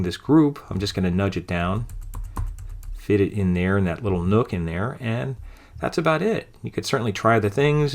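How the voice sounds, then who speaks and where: A man teaching a design software lesson over a screen recording, talking through each step in a relaxed, thinking-aloud way. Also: on the low side. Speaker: design instructor.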